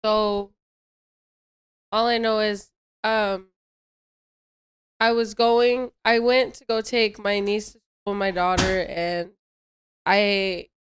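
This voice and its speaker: A woman's voice: mid-range voice, fairly even intonation, slow pace, pauses often, clean tone. A young adult woman telling a story in casual podcast chat, rambling and repeating herself.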